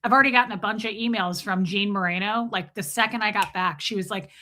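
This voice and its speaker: A woman's voice: medium pitch, quick pace, sharp tone. A woman hosting a casual live stream, chatting loosely with viewers, greeting them by name and swearing freely.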